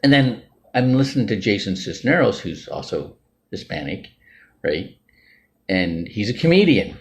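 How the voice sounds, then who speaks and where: Very animated and speaking at normal speed, this man has a fairly low voice, recorded with the highs cut off. He's a financial group member musing off the cuff, frequently closing lines with "right?" or "all right?".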